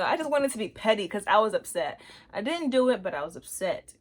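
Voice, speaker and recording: Woman telling her story in casual slang. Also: normal speed. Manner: acts out her own quoted words with lively pitch jumps; casual slang, relaxed everyday phrasing. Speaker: host sharing a personal testimony.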